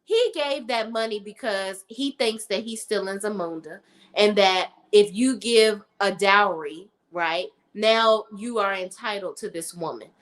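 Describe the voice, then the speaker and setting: A young adult woman giving a casual, opinionated TV review in an animated, sassy manner, talking straight to her viewers. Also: mid-range voice, a little slow. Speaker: TV show reviewer.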